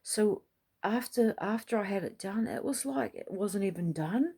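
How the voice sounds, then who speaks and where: A woman's voice: mid-range voice, expressive, moderate pace, mellow, slightly rough. A middle-aged woman, chatting and rambling at home in a casual vlog, swearing now and then. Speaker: vlogger. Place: small home unit, kitchen.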